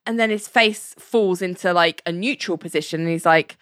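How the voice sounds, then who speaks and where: A woman's voice: medium pitch, brisk, hardly any pauses, pushed and bright, dry recording, studio quality. A woman casually recapping a show, chatty, acting out quoted lines and laughing often.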